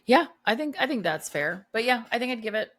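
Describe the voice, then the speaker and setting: A woman's voice: on the high side, sing-song, brisk. A woman co-hosting a casual movie podcast, easygoing and agreeable, laughing often. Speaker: podcast co-host. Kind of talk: casual chat.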